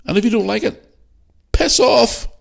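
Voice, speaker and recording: This Northern Irish man hosts a podcast and delivers an animated, blunt rant packed with swearing. His voice sits high and sounds creaky, lively, at a normal speed.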